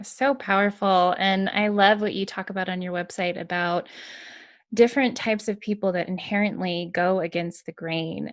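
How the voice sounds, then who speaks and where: A woman's voice: medium pitch, no room sound, clean studio sound. A woman hosting a podcast interview, asking questions in an encouraging way. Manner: encouraging, laughs along. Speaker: podcast host.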